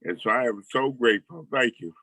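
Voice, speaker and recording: An older man speaking over a video call, his voice bright and forward, heartfelt and slightly choked with emotion. The sound is dry and close, with no room around it. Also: mid-range voice, lively intonation, brisk, no room sound, poor audio. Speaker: call participant. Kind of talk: heartfelt casual sharing.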